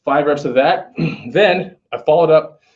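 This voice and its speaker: A man's voice: on the high side, a little slow, recorded from a distance. Fitness coach, male, chatty demo style, heard from across an echoey gym, dull sound. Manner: conversational, checks in with "okay?" often. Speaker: fitness instructor. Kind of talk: casual workout demonstration. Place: gym, indoors.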